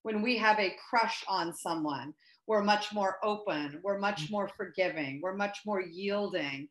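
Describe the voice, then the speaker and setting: A woman's voice: mid-range voice, measured pace. A woman joining a video call as a participant, sharing a thoughtful reflection. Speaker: participant asking a question. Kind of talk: casual chat. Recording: echoey room on a video call.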